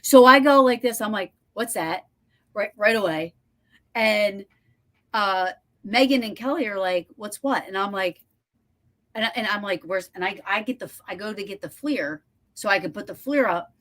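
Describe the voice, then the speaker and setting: A woman hosting a podcast over a video call, telling a story in animated, breathless bursts with lots of restarts and some swearing. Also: mid-range voice, normal speed. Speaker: podcast host. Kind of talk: casual storytelling chat.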